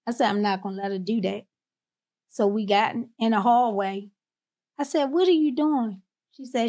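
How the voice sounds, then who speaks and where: A woman's voice: a little high, moderate pace. Emotional woman telling a personal story. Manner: heartfelt, quiet when quoting her friend. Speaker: guest.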